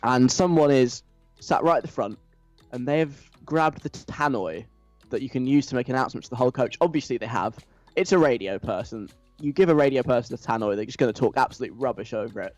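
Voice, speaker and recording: A man's voice: medium pitch, a little fast, dry recording, soft background music. Chatty self-deprecating male radio host. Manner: self-deprecating, rambling, animated when imitating chants. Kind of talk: casual radio chat.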